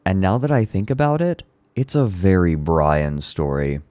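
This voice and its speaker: A man casually chatting with viewers on a livestream, laid-back, a little hoarse, swearing now and then. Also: low-pitched, moderate pace, no echo. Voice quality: slightly hoarse relaxed voice.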